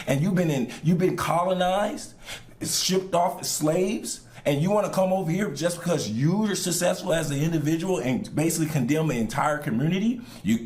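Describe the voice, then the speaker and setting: A man's voice: a little high, darkish tone. A male podcast host reacting to a clip, arguing his point in a firm, lecturing way. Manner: argumentative, lecturing, emphatic. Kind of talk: reaction commentary.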